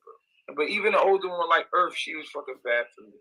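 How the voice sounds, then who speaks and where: A man's voice: high voice, expressive, fast, a crowd in the background, rough recording. A young man, ranting in an agitated, repetitive, profane livestream monologue.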